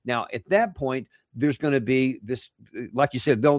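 A man hosting an interview, halting and restarting as he thinks aloud. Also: mid-range voice, no echo. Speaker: host.

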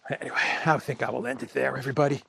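A male host giving casual political commentary with a gravelly, creaky edge. His voice sits at a middling pitch, and his delivery is wry and loose, with chuckles and restarts. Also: little pitch movement, rapid-fire, fairly bright tone.

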